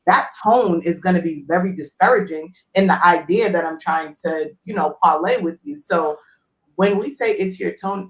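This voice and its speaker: A woman on a panel talk explaining her point in a measured, careful way. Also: low-pitched, low-quality recording.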